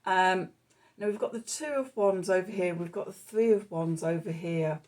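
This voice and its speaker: A woman's voice: on the low side, moderate pace, darkish tone. A woman giving a spoken tarot reading, meandering and reflective, with many fillers. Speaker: tarot reader.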